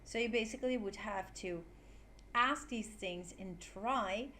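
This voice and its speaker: A woman's voice: medium pitch, unhurried, a bit bright, a little hiss or hum. Brief: playful female English teacher. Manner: playful, demonstrates intonation with exaggerated examples. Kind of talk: online English lesson.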